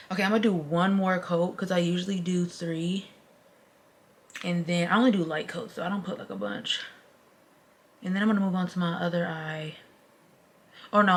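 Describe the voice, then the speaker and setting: A young woman chatting casually to her viewers while doing her makeup, expressive and talkative. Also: on the low side, a little hiss or hum. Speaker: beauty vlogger. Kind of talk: casual makeup vlog chat.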